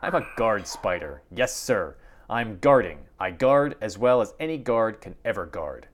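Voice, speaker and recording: A man's voice: on the low side, unhurried. A man voicing an eager, simple-minded male guard spider who talks earnestly and boastfully. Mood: proud. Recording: steady background noise.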